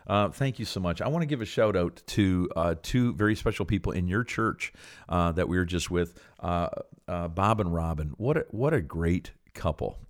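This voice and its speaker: A middle-aged man with a notably low, deep voice hosts a ministry podcast in a casual, earnest tone. He encourages his listeners warmly and fills his pauses with "uh" and "um." His pitch sits well below most men's. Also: lively intonation, dry recording, clean studio sound. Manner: earnest, encouraging, many fillers. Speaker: podcast host, preacher.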